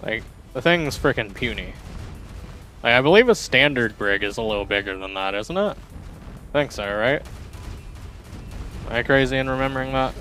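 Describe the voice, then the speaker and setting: A man's voice: mid-range voice, expressive, normal speed, pauses often, fairly bright tone, soft background music. A man casually chatting and rambling as he streams a pirate game, often laughing at himself. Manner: chatty, rambling, self-deprecating. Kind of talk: casual gameplay commentary.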